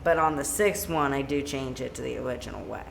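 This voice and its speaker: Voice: medium pitch, brisk, creaky, fairly bright tone, slight background noise. A musician chatting casually on a live stream from home, rambling and leaning on "like" as a filler. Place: home room with a plain white backdrop.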